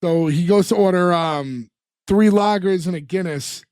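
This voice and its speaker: Man, podcast co-host, casual episode recap, quotes the characters, fairly high voice, dry close sound. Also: moderate pace, darkish tone, smooth, dry recording. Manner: retells scenes, slipping into the characters' lines.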